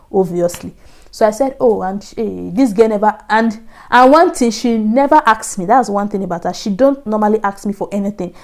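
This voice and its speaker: A woman's voice: medium pitch, darkish tone. A young woman telling a personal story to camera in a chatty, repetitive way. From Nigeria. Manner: chatty, repetitive, laughing asides. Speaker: vlogger.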